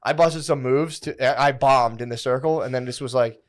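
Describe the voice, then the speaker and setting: A man's voice: mid-range voice, fairly quick. Male podcast co-host, 30s, loose rambling storyteller, laid-back slang-heavy chat. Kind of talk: casual chat.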